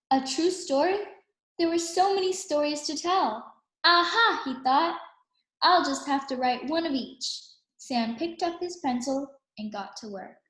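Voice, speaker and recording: A woman teacher reading a picture book aloud to young children in a calm, clear storytelling manner. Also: high-pitched, reverberant.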